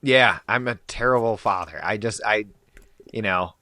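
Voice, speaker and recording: A man's voice: on the low side, normal speed, pushed and bright, no echo. A man co-hosting a podcast, chatting in a self-mocking way with lots of "you know". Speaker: podcast co-host. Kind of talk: casual podcast chat.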